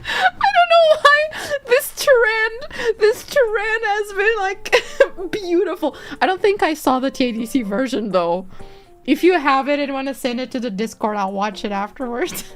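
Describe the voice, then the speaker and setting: A woman's voice: high voice, expressive, moderate pace, a bit bright, faint music behind. A woman streaming live and chatting casually with viewers; she giggles constantly and swears freely.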